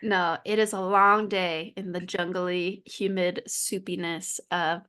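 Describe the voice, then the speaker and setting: A woman's voice: on the low side, level tone, slow pace, bright, forceful tone, smooth. A woman co-hosting a podcast in casual chat, chatty, with frequent laughs and fillers. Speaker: podcast co-host.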